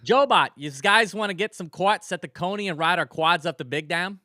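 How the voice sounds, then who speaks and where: A man voicing a friendly rural Pennsylvania local with a put-on Pennsylvania accent, loud and sing-song. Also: high-pitched, a little fast, no room sound, studio quality, voice pushed up. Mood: hearty.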